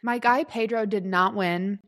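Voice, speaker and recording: A woman's voice: medium pitch, steady tone, a little slow, a bit bright, no echo, clean studio sound. A woman co-hosting a podcast, talking casually about television shows. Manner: playful, mock acceptance speech. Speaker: podcast co-host. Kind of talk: casual chat.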